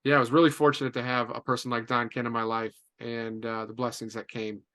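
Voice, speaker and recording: A man from Indiana, a podcast guest, telling a lively story with many "and, uh" fillers. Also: mid-range voice, fast talker. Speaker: podcast guest, business coach. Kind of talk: animated storytelling.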